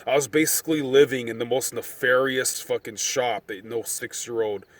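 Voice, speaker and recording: A man's voice: mid-range voice, moderate pace. Profane rambling male storyteller. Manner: profane, rambling, excitable when reliving events. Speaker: storyteller vlogger. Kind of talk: casual storytelling monologue.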